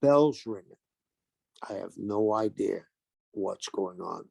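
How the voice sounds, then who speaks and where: An older guest who used to wrestle professionally recounts stories slowly in a gravelly, mid-pitched voice with vocal fry. He animates each tale by acting out the dialogue. The sound is dry and close-miked, with no room ambience.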